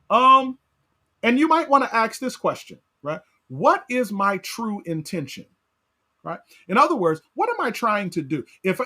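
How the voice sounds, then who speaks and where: A man leading a Bible study as pastor, animated, asking his class questions and often tagging on "right?". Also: high voice, husky.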